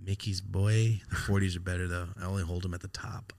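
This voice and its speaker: A man's voice: fairly quick, creaky. A young man hosting a podcast, telling stories in a loose, profane casual chat. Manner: animated, profane storyteller doing squeaky high impressions. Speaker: podcast host.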